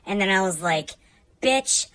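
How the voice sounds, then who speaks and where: A woman doing a comic storytime monologue, animated, swinging between loud bursts and soft asides. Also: medium pitch, normal speed, a little hiss or hum, rough recording. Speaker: comedian.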